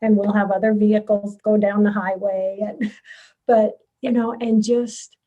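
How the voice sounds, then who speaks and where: A woman co-hosting a spiritual radio show, speaking in a slow, gentle, reflective way. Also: medium pitch, level tone, dull audio. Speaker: radio co-host.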